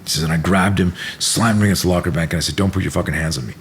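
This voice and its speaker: Deep-voiced man telling a story. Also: very fast, a little hiss or hum. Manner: animated storyteller, acts out quotes, swears freely. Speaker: self-defense instructor, podcast guest. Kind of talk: storytelling in casual interview.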